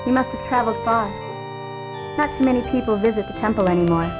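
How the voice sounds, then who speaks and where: A man voicing a lonely, mysterious temple keeper who greets a traveler in a high, solemn voice. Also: quick pace, lightly acted. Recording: music playing behind.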